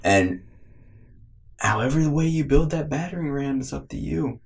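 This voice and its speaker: A young man co-hosting a casual filmmaking podcast, animated and joking as he rambles through analogies. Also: fairly high pitch, normal speed, gravelly. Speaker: podcast co-host.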